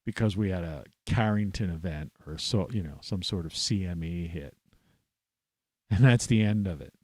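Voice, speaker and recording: A man's voice: low-pitched, normal speed, darkish tone, no room sound. A man at home, ranting scornfully to camera with plenty of swearing. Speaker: vlogger. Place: at home, indoors in an old house.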